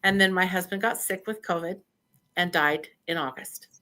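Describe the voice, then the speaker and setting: An older woman from Idaho with a bright, forceful voice, telling stories in an easy, chatty way. She acts out what people said to her and laughs often as she goes. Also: fairly low pitch, moderate pace. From Idaho, USA. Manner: animated storyteller who laughs often and acts out quotes. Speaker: podcast guest. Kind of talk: casual storytelling interview.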